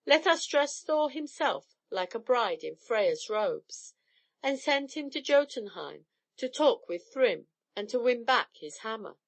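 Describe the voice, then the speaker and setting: A woman voicing a wise male watchman god who calmly lays out a plan in a storybook tale. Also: on the high side, measured pace.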